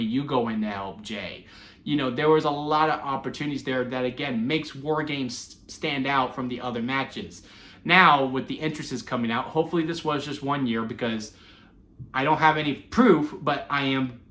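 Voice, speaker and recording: A man giving a casual solo wrestling review, chatty and animated, laughing often as he talks. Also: medium pitch, normal speed. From Texas. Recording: echoey room.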